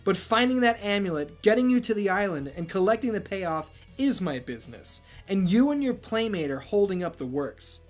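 A man voicing a firm, sharp-tongued female mercenary who delivers cool, mocking put-downs. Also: high-pitched, sing-song, normal speed, few pauses, faint music behind. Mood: scornful.

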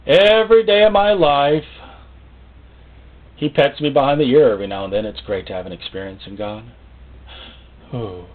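A man preaching a sermon in a folksy, joking way, acting out little voices and rising suddenly to loud, high outbursts. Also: breathy edge. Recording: tinny phone-like sound.

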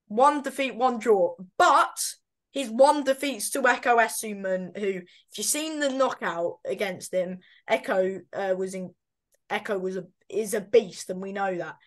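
Chatty woman with a higher voice. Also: unhurried. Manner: chatty, hesitant, self-correcting. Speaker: boxing pundit co-host. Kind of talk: casual fight predictions chat.

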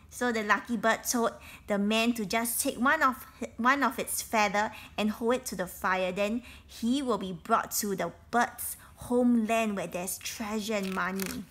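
A woman reading a children's picture book aloud, slowly, stopping to explain things in simple words. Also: mid-range voice, fairly bright tone. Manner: slow, explains words and events in simple asides. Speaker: storybook reader.

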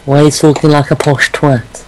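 A man's voice: fairly high pitch, level tone, brisk, darkish tone, low-quality recording. A young man playing a game with a friend, teasing him dryly and grumbling about dying. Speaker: co-player. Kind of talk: casual gameplay chat.

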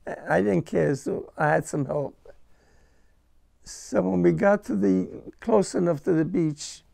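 An older man, a war veteran being interviewed, recalling his experiences in a halting, emotional way and repeating words. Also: sits high, gravelly, darkish tone. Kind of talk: first-person war recollection.

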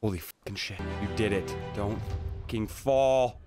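A young man and gaming YouTuber reacting live as he plays, loud and excitable, swearing constantly and breaking into frustrated outbursts. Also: lowish voice, unhurried, music in the background. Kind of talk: live reactions while playing a game.

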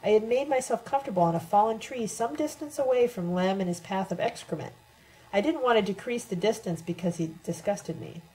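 A woman reading a first-person letter aloud in a steady, measured way, as an audiobook reader. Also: mid-range voice, rough recording.

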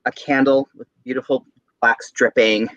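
Animated man telling a story. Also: mid-range voice, moderate pace, no room sound, dull audio. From San Diego, California. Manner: animated storyteller, acts out voices, laughs often. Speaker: guest, tarot reader. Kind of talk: casual storytelling interview.

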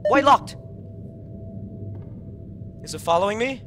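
Man, high register, horror let's play host, frequent frantic yelling, game music underneath. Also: expressive, a little slow, long pauses. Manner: frequent panicked screaming and yelling. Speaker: gameplay video creator.

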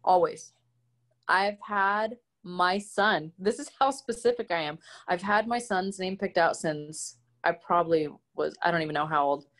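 A woman speaking as an interview guest in a casual conversation, candid and expressive as she tells personal stories. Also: fairly low pitch, measured pace. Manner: candid and expressive, animated storytelling.

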